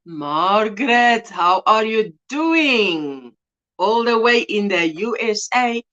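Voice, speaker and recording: A woman's voice: mid-range voice, animated, slow pace, a bit bright, highs cut off. A middle-aged woman from South Africa hosting a casual livestream, chatting with viewers, greeting them by name and laughing often. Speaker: livestream host.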